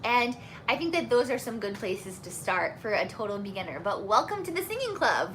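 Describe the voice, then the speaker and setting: A woman's voice: mid-range voice, very animated, normal speed, few pauses, fairly bright tone, a little hiss or hum. A young woman singing teacher chatting casually while answering viewer questions, friendly and full of fillers. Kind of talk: casual live Q&A chat.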